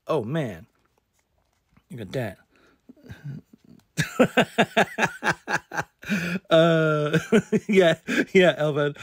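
A man's voice: fairly high pitch, no echo, studio quality. A man hosting a casual card unboxing, rambling with lots of fillers and repeated exclamations.

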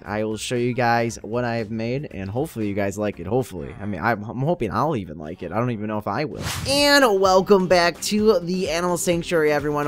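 Young man chatting over his Minecraft build. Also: medium pitch. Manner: chatty, upbeat, talks straight to viewers. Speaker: Minecraft YouTuber. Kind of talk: casual gameplay commentary.

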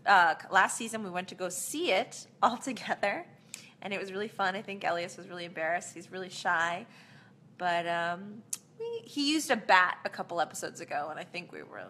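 An actress casually answering fan questions in a live Q&A, chatty and rambling, with plenty of fillers and small laughs. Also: female voice, medium pitch, sharp tone, slight background noise.

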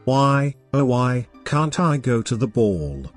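A man voicing a sweet young girl in a storybook reading, speaking softly and plaintively. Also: mid-range voice, big pitch swings, slow, faint music behind. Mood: sad.

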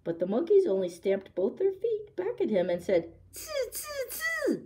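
A woman librarian reading a picture book aloud at story time, pausing to ask the young listeners questions. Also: medium pitch. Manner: slow, expressive, asks young listeners questions. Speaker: children's librarian.

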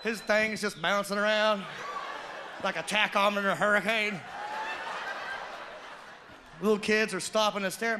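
A man with a Southern American accent performing a stand-up comedy routine, telling loud, animated stories and shouting out character voices. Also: high-pitched, measured pace, long pauses. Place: comedy club stage before a live audience. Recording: live club recording with crowd noise. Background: audience laughter.

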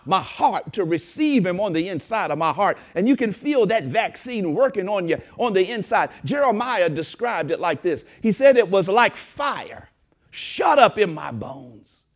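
Pastor, male, high lively preaching voice, repetition-heavy sermon delivery. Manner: preaching with rising emphasis and repeated phrases. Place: church.

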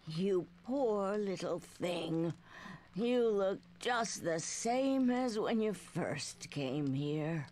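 An actress voicing a weary woman who runs a shabby bar, speaking in a slow, cooing drawl. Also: medium pitch, expressive, a little mellow. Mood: doting.

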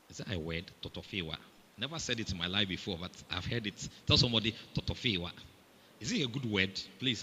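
A man preaching a sermon in a Ghanaian English accent, animated and calling out to the congregation for responses. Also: medium pitch, long reverb tail, a little hiss or hum.

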